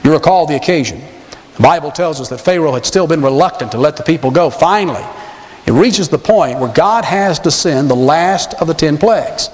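High-voiced preacher in a big hall. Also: male voice, a little fast. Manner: animated storytelling, dramatic emphasis. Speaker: pastor. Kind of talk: sermon. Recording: long reverb of a large hall.

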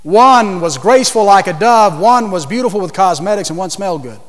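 A man's voice: high voice, expressive, brisk, a bit bright, big-room sound. A man preaching a sermon to a congregation, emphatic, asking questions and repeating his key points.

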